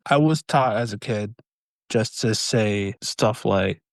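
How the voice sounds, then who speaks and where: A man's voice: lowish voice, takes it slowly, vocal fry, no room sound. Hesitant man, stammering in casual chat. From Canada. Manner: hesitant, stammering, lots of backchannel agreement. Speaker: podcast co-host.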